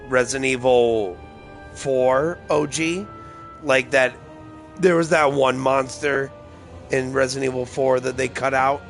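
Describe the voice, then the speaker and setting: Slightly slurred and clearly tipsy, a man offers loose, profane commentary while casually playing a game. The gaming streamer speaks in a medium-pitched, fairly bright voice.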